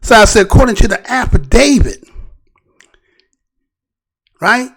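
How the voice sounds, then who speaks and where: With a very high voice that's animated yet unhurried, a man runs his own news commentary program in a relaxed manner. He leans rhetorical, repeatedly tossing in "right?" and frequently starting phrases over.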